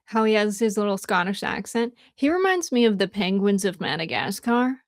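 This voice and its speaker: Woman host, mid pitch, easygoing teasing chat, dry close-miked voice. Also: lively intonation, moderate pace, dry recording. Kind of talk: casual chat.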